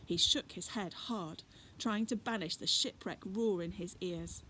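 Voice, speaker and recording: A woman's voice: medium pitch, unhurried. Woman reading a story aloud, noisy recording. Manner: expressive reading with chatty asides. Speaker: reader. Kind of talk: reading a children's book aloud.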